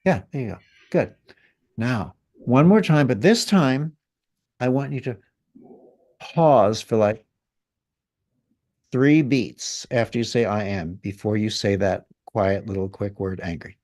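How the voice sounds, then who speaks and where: Man calmly coaching an exercise. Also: mid-range voice, slow pace, long pauses. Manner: calm, coaching, gently directive. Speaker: guest healer leading an exercise. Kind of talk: guided exercise in conversation.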